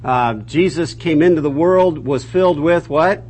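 A man's voice: fairly high pitch, measured pace, darkish tone. A man teaching a conversational Bible lesson, asking the class rhetorical questions and restarting his sentences often.

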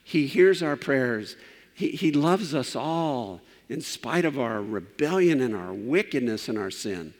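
A man's voice: mid-range voice, lively intonation, unhurried, in a large hall. A man preaching as pastor, telling a story and then closing in earnest prayer to a church. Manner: earnest, trailing off softly in prayer. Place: church sanctuary.

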